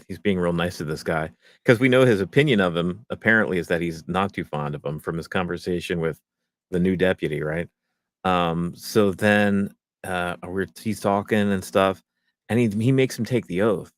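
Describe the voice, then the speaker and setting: A man co-hosting a podcast in casual chat, rambling and acting out quotes in a lowered voice. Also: moderate pace. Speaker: podcast co-host.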